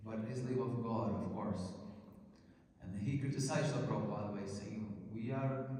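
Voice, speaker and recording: A man's voice: on the low side, moderate pace, darkish tone. A man giving a devotional lecture, telling stories and building to emphatic questions. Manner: storytelling, rising to emphatic questions. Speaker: spiritual teacher. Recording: echoey hall, distant mic.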